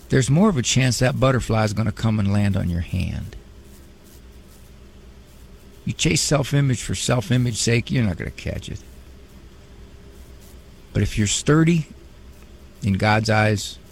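Man, radio advice host, gravelly voice, lively pitch, joking and preachy. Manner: conversational, humorous, preachy. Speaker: radio talk show host and psychologist.

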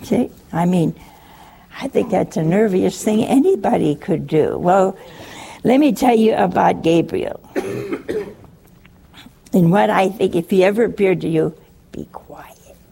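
A woman's voice: medium pitch, animated, measured pace, creaky, long pauses, warm tone, slight background noise. A woman preaching on scripture in a chatty, teasing way, acting out quotes and chuckling often. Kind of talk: humorous scripture teaching.

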